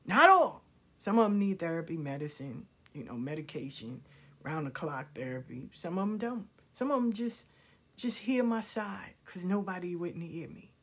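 A woman with a lowish, breathy-edged voice tells personal stories candidly and crudely. She's animated, sliding from hushed side remarks into loud exclamations.

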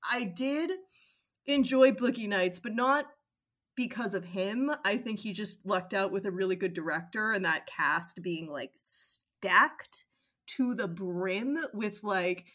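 A podcast guest from Massachusetts, chatting casually with sarcastic humor and many fillers. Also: female voice, medium pitch, takes it slowly, fairly bright tone.

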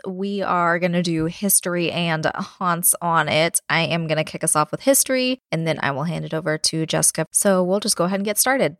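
Woman, podcast host, low-pitched, casual and chatty, dry recording. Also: no room sound. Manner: chatty, laughs easily, casual swearing. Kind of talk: casual podcast narration of history.

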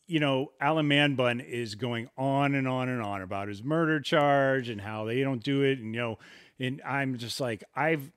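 A man from rural Ohio telling a story on a podcast with an animated, joking delivery. His voice sits at an ordinary pitch, and the close mic sounds dry, with no room around it. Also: moderate pace, smooth, no room sound. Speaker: podcast co-host. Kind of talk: casual storytelling chat.

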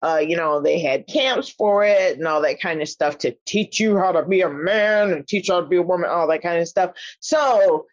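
A man co-hosting a casual chat show who gets excitable and breaks into high exclamations. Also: normal speed, hardly any pauses, dry recording. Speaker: podcast co-host. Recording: slightly dull lo-fi audio.

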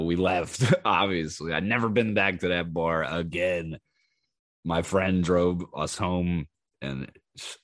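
A man hosting his own podcast, telling wild stories in a casual, animated way. He acts out the people in them with raised voices, swears freely and laughs as he goes. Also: low-pitched, no room sound, clean studio sound. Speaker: podcast host. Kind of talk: casual storytelling monologue.

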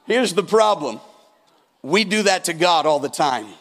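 Speaking unhurriedly in a slightly high, fairly bright and expressive voice, a pastor delivers a storytelling sermon. He voices the characters' quotes with big shifts, and the church hall lends a long reverb.

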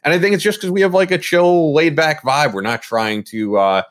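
A man's voice: on the high side, moderate pace. A man hosting a podcast, talking in a laid-back, casual way and laughing often. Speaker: podcast host who books the guests. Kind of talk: casual chat.

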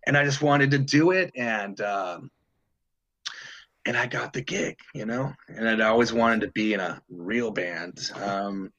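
Dull audio captures a lowish, unhurried voice with a bit of brightness. The speaker is a middle-aged touring guitarist from Detroit, Michigan, swapping stories in a loose interview, rambling, restarting a lot and swearing occasionally.

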